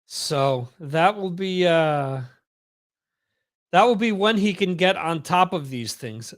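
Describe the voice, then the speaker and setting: A man hosts a live-stream podcast in a high, lively voice at a slow pace. He chats casually, rambling and repeating words as he reads viewer comments aloud.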